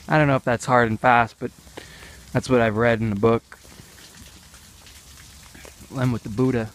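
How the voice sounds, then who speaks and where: A man's voice: medium pitch, steady tone, moderate pace. An American man in his young adult years, giving a rambling, jokey commentary as he walks through an outdoor park. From United States. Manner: rambling, offhand, jokey asides. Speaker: travel vlogger. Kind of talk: casual walking commentary. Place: outdoor park with animal pens.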